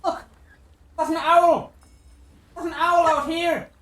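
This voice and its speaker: A man voicing an excitable sailor up in a ship's crow's nest, who pesters and taunts the people below. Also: very high-pitched, slow, voice pushed up, full character voice. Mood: pestering.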